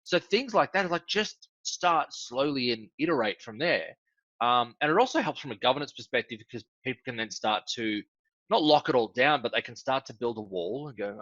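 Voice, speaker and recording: A man talks as a guest in a casual interview, his voice bright and forceful, often leaping upward for emphasis and sprinkling in ums. The sound is dry and close but dull and lo-fi, like a video call. He speaks at a middle pitch for a man. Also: a little fast, dry recording. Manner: animated, jumps up in pitch for emphasis, frequent ums. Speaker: guest consultant.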